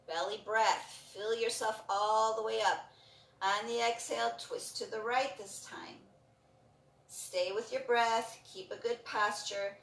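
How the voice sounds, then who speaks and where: A woman leading a breathing and stretching class, giving calm, encouraging cues and repeating them often. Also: a little high, slow, far from the mic, slight background noise. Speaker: breathing and movement instructor. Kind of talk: guided exercise instruction. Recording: roomy sound from off the mic.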